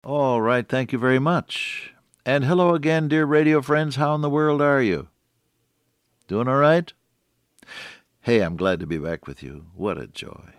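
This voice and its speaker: A man's voice: medium pitch, animated, unhurried, long pauses, clear, resonant tone, no echo, studio quality. A man preaching a radio sermon in a folksy, earnest way, stretching out key words for emphasis.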